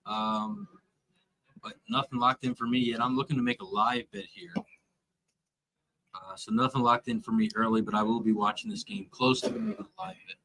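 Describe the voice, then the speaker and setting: A man on a live sports betting stream, speaking in a measured way with some hedging fillers. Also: medium pitch, expressive, creaky, sharp tone, low-quality recording.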